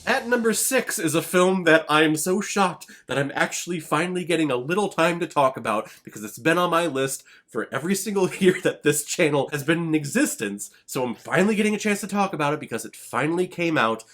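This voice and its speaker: A man's voice: on the high side, soft background music. A man hosting a movie review channel, talking casually with sarcastic asides. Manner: lively, quick conversational delivery. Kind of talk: casual film review commentary.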